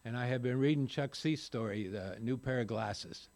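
A man's voice: mid-range voice, normal speed, darkish tone. An older man speaking at a recovery meeting, telling folksy, rambling stories with self-deprecating humor. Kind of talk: personal recovery talk to a group.

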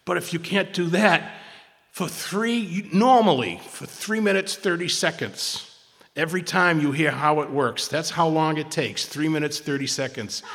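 A man's voice: on the high side, moderate pace, a bit bright. A man speaking informally at a recovery meeting, rambling with many restarts and repeated words, and often slipping into other people's voices. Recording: long hall reverb.

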